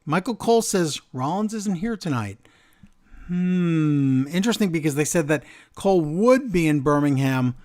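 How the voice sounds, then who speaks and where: A man hosting a wrestling podcast, recapping the show in an animated way and acting out quotes. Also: a little high, moderate pace. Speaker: podcast host. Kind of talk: casual chat recapping wrestling.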